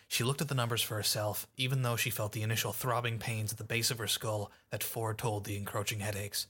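A man narrating a fan audiobook in a steady, even storytelling manner. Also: lowish voice, quick pace, few pauses, husky.

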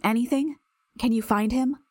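A woman voicing a sharp, impatient young woman who talks briskly and dismissively, in an audiobook reading. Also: on the high side, fairly even intonation, dry recording, clean studio sound, pitched above the performer's own voice, lightly acted.

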